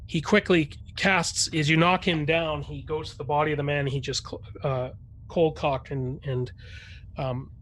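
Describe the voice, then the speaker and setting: A man's voice: medium pitch, a little hiss or hum. A man running a tabletop game as game master, narrating with many fillers and restarts.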